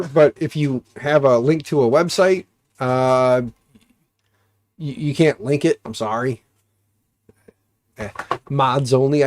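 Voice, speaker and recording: A man's voice: medium pitch, darkish tone, no echo. A man with an American accent and a stuffy, nasal voice, hosting a casual live stream and rambling with jokes and fillers. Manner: rambling, joking, many fillers. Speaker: livestream host.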